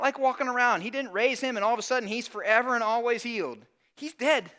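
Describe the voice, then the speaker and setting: A man preaching a sermon as casual storytelling, shifting between loud exclamations and hushed asides. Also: extremely high pitch, a little fast. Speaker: pastor.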